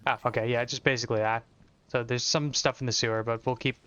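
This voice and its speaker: A man's voice: medium pitch, steady tone, fast, sharp tone. A young man chatting casually as he streams and plays an indie game. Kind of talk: casual gameplay commentary. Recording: slightly muffled mic with faint music.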